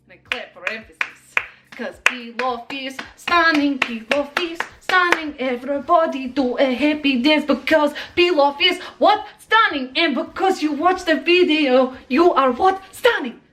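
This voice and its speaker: A woman's voice: sits high, a little slow, a bit bright. A woman chatting through a casual makeup tutorial in a playful, rambling, theatrical way, full of fillers as she hypes up the viewer. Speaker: makeup vlogger.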